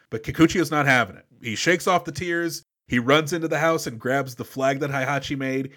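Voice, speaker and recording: Man, podcast co-host, eager profane storytelling, slightly high voice. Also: brisk, hardly any pauses, fairly bright tone. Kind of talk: casual movie recap chat.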